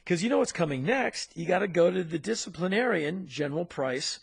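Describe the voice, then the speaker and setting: A man with a gravelly, husky voice tells a story on a podcast, animated and punchy and fond of sound effects. His voice sits a bit high for a man, with rough fry in it. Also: a little fast, few pauses. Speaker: podcast co-host. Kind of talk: storytelling in casual chat.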